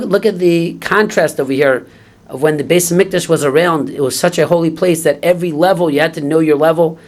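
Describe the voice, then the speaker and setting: A man gives a Talmud class. His voice sits a little high, and he works through the text phrase by phrase, first reading the original, then translating and explaining it. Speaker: Talmud teacher.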